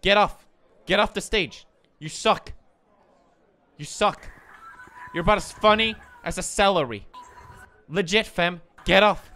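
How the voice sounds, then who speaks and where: A young man doing comedic gaming commentary, shouting with mock anger and laughing between sarcastic remarks. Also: high voice, unhurried, long pauses, a little hiss or hum. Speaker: gaming YouTuber. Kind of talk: joking gameplay commentary.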